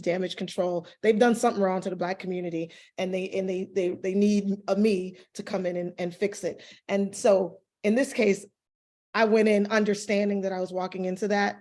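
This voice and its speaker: A woman on a panel who runs a crisis communications business, speaking haltingly with frequent restarts as she tells personal stories. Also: medium pitch. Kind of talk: panel discussion.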